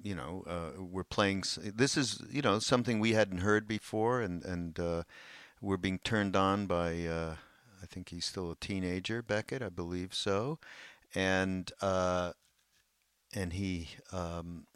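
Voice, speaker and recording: A man's voice: low-pitched, steady tone, unhurried, fairly bright tone, smooth, no echo. A man co-hosting a podcast, talking loosely and chattily with plenty of fillers. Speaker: podcast co-host. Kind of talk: casual podcast chat.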